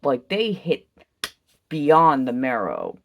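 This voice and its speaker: A woman giving an impassioned solo vlog rant, emphatic and profane, swinging from loud outbursts to low, slow musing. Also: huge pitch swings, vocal fry, slight background noise. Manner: intense, emphatic, heavy swearing. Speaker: vlogger.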